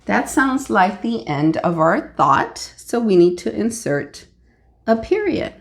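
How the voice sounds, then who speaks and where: A woman's voice: mid-range voice, sing-song, takes it slowly. A woman teaching a lesson, explaining patiently step by step. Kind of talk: classroom lesson.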